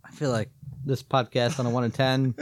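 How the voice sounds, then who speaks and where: A man co-hosting a laid-back podcast, mid-pitched and rambling, with plenty of "like" and "uh" as he talks. The sound is dry and close. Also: level tone, no room sound. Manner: rambling, halting, fillers. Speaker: podcast co-host. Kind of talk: casual chat.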